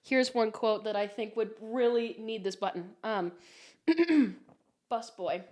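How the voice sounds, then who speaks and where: A young woman in her twenties from Iowa with a Midwestern accent, hosting a casual podcast chat, giggly and animated, swearing casually. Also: on the high side, slow. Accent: Midwestern American. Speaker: podcast host.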